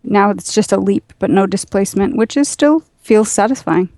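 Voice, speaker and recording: A woman playing along on a livestream, chatting casually in a low-key way with short replies that trail off. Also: animated, moderate pace, a little mellow. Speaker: co-player. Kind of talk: casual gameplay chat.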